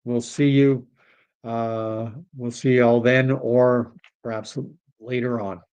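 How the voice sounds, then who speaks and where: A man's voice: medium pitch, little pitch movement, slow, darkish tone, smooth. A Canadian man hosting a political livestream, chatting casually and rambling as he reacts to messages from viewers. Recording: dull lo-fi stream audio.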